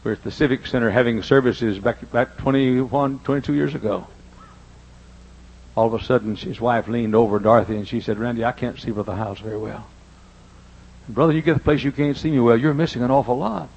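An older man preaching a sermon in church, telling personal stories and swinging between loud emphasis and hushed asides. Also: mid-range voice, fairly quick, creaky, slightly rough, muffled recording. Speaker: pastor. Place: church sanctuary.

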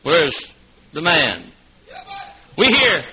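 A preacher man delivers a revival sermon in a church, booming one moment and dropping low the next. His voice sits high and sounds bright and sharp. It comes through a muffled, lo-fi old recording. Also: big pitch swings, measured pace, pauses often, husky. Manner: shouting, swinging from booming to hushed, with coughs.

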